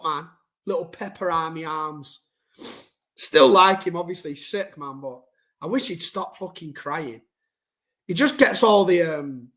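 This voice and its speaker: A man's voice: high voice, fairly bright tone. A young man ranting bluntly and casually to his chat during a football live stream, swearing and using slang.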